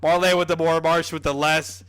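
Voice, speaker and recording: Breathless, excitable male livestream host. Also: a little high, smooth, soft background music. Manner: energetic, reads viewer names rapidly, excitable outbursts. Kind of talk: casual livestream chat.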